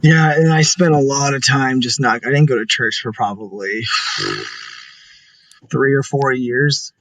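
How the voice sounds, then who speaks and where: A man's voice: medium pitch, steady tone, measured pace, fairly bright tone, dry recording, poor audio. A young man talking casually and earnestly as an interview guest, full of "like" fillers.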